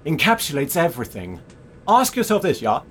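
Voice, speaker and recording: Pretentious clipped theatre director. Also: male voice, on the high side, huge pitch swings, fairly quick, fairly bright tone, slight background noise. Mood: terse directing. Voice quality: clipped pronouncements ending in a questioning "yeah?". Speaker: self-styled theatre director. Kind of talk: sitcom acting.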